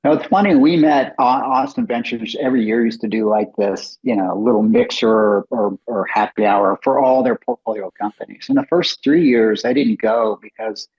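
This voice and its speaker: Guesting on a casual storytelling interview, a middle-aged company co-founder speaks in a husky, mid-pitched voice at a moderate pace with few pauses. He animatedly performs the voices of people he quotes. The podcast recording is muffled and lo-fi.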